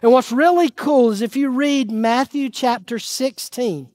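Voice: high voice, measured pace, darkish tone. A pastor in mid-sermon talks in a dry, close sound with no room echo. The delivery is earnest and conversational, with questions thrown to the congregation and then answered. Key points are pressed home with repeated pleading. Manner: asks the audience questions and answers them.

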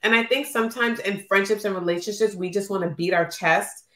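A woman's voice: mid-range voice, brisk, fairly bright tone, reverberant. A woman co-hosting a podcast, talking candidly and emotionally about a friendship, often acting out what was said. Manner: candid, emotional, acts out quotes. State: postpartum. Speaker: podcast co-host. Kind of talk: casual chat.

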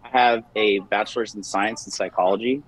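A man's voice: on the low side, steady tone, fairly quick, poor audio. A young man, a dating coach, talking casually and defensively with many restarts. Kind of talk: casual call-in conversation.

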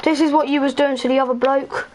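A young woman chatting casually while playing an online game with friends, excitable and squealing at tense moments. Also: high voice, quick pace, noisy background. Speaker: gamer streaming with friends. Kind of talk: casual gaming chat.

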